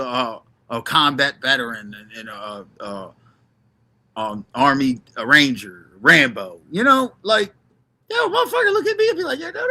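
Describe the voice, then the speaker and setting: A man's voice: high voice, pushed and bright. A man hosting a live stream, ranting casually, swearing constantly and reading out names from the chat.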